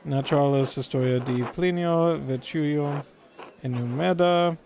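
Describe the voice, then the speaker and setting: Streamer doing a learned doctor, halting and stumbling, gravelly. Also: male voice, on the high side, background noise. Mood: lecturing. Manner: halting, stumbling over foreign words. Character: Italian male doctor, learned and chatty.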